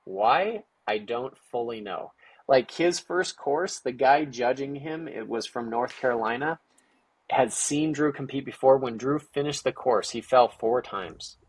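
A middle-aged entrepreneur and parent, appearing as a guest on an interview show, tells a story in a casual, animated way, acting out quotes and using lots of fillers. His husky voice sits in the mid-range, and he keeps a measured pace.

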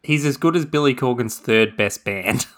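A man's voice: mid-range voice, animated, normal speed. A man co-hosting a podcast in casual chat, making dry, wry jokes between many fillers. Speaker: podcast co-host.

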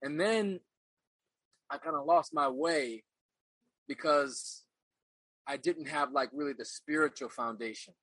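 Earnest, bright-voiced man telling his story. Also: a little high, unhurried, pauses often, dry recording, poor audio. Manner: earnest, reflective, repeats phrases while searching for words. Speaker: podcast guest, actor. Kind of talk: casual interview storytelling.

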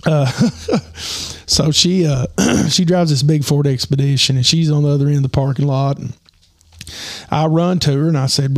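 A man telling a rambling personal story with lots of fillers, his voice getting hoarse. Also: a little high, moderate pace, no room sound, studio quality. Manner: rambling, many fillers and restarts. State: losing his voice. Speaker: podcast host. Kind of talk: casual storytelling.

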